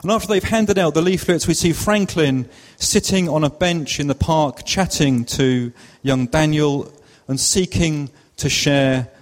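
Preacher in a reverberant hall. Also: male voice, a little high, unhurried, few pauses. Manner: conversational storytelling with self-deprecating asides. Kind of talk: sermon.

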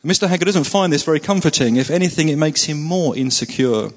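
A man preaching a sermon and praying, earnest, repeating words for emphasis and often pausing with fillers. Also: on the high side, animated, big-room sound. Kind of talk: sermon with prayer.

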